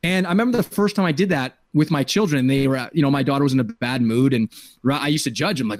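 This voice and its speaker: A man's voice: medium pitch, lively intonation, quick pace. A middle-aged man hosting a podcast, telling an emotional personal story in an earnest way and often repeating words as he searches for them. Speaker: podcast host.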